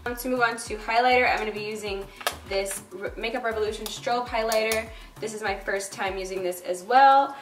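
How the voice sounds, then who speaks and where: A woman's voice: medium pitch, fairly quick, far from the mic. A young woman talking casually through a makeup tutorial, chatty and bubbly, with lots of fillers. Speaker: beauty vlogger. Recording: roomy echo, a bit off-mic. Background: faint background music.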